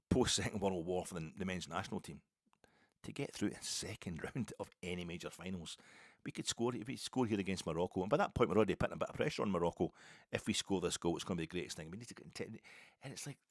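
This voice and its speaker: A Scottish man talking in a rambling, sweary casual monologue as a football podcaster, with loud bursts. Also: low-pitched, dry recording, clean studio sound.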